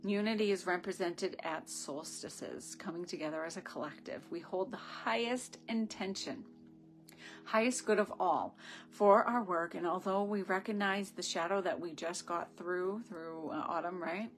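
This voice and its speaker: A woman's voice: on the low side, fairly even intonation, normal speed, few pauses, soft background music. A woman leading a live-streamed ritual, talking to viewers through a phone camera. She is effusive and rambling, with gushing asides. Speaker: spiritual ritual leader.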